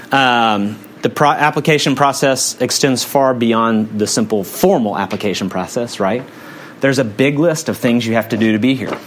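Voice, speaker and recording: A man's voice: medium pitch, slight background noise. Conversational male preacher. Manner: conversational, hedging with "kind of" and "um". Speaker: pastor. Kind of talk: sermon.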